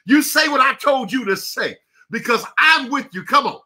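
A male pastor giving a fervent devotional sermon, calling out to listeners by name and now and then breaking into shouts. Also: extremely high pitch, animated, moderate pace.

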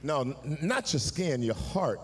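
A pastor preaches live in a church, his fairly high voice rising from quiet, confiding lines into sung, shouted peaks. He calls out to the congregation for answers as he goes. The sound carries the long reverb of a large sanctuary. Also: sing-song, unhurried, some chatter behind, a little hiss or hum. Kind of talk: sermon.

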